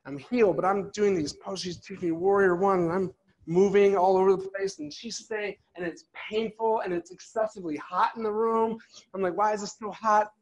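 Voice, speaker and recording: A middle-aged man telling a funny, animated personal story to an audience at an office event. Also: high-pitched, normal speed, dull audio. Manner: animated, jokey, acts out quotes. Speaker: motivational speaker.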